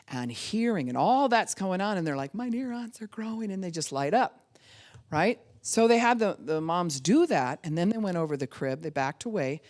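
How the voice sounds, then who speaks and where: A middle-aged woman, a pastor teaching in a sermon, telling stories and acting out little voices. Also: low voice. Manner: animated storytelling, acts out voices of babies and dogs.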